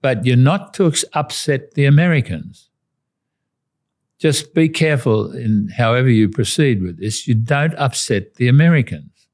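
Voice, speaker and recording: A man's voice: medium pitch, lively intonation, darkish tone. Older Australian man telling stories. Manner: measured, anecdotal, with restarts. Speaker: guest, retired diplomat. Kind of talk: interview storytelling.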